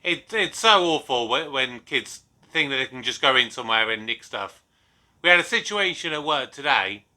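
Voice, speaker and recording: A man's voice: mid-range voice, expressive, moderate pace, bright, forceful tone. A man hosting a reaction video, chatting casually and commenting on the clips he watches. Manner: chatty and apologetic, laughs along.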